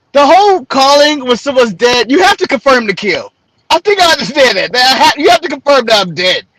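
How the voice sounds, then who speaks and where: A man with a strikingly high voice tells a rambling story on a podcast. He acts out every phone call in little quoted voices and laughs often. His voice is close and dry, with no room sound. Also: fairly bright tone, no echo. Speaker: podcast co-host. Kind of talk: casual storytelling chat.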